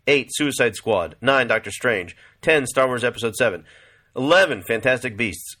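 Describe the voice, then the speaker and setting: A man's voice: medium pitch, expressive, normal speed, bright, forceful tone. A middle-aged man rambling casually about movies, swearing freely and calling the listener "dude". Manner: profane, rambling, says "dude" a lot. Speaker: vlogger.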